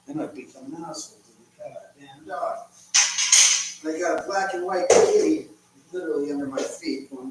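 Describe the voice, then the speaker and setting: A man's voice: on the high side, moderate pace, a little mellow, a little hiss or hum. A man hosting a casual livestream, chatty and rambling as he reads viewer comments while cooking in his home kitchen. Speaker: livestream host. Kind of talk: casual live chat. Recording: echoey room from far off, faint ambience.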